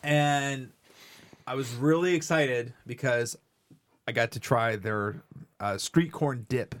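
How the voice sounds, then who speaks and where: A man co-hosting a podcast, telling animated stories in casual chat and swearing freely. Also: medium pitch, takes it slowly. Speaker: podcast co-host.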